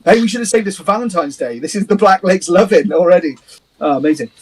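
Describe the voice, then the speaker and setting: A man's voice: high voice, lively intonation, fast, a little hiss or hum, rough recording. A man from a band, chatting casually on a livestream, rambling, laughing often and swearing a little. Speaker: band member hosting a livestream. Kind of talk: casual chat.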